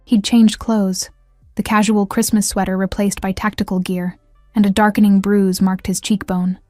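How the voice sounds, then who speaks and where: Woman narrating an audiobook, flat and mellow. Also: medium pitch, normal speed, dry recording, soft background music. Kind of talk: first-person audiobook narration.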